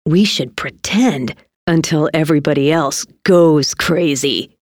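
A woman voicing an odd, cruel little boy with a flat, deadpan delivery. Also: sits low, measured pace, dry recording, clean studio sound.

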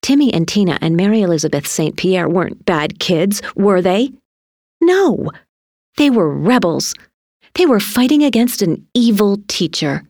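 A woman reading a children's story aloud with expressive delivery. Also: no room sound, studio quality. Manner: slow and highly animated.

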